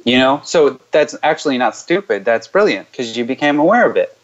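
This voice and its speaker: A man hosting a call-in coaching show, chatting loosely and then reciting repeated clearing statements in a low, steady way. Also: fairly quick, lo-fi sound. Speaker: host leading callers through clearing statements.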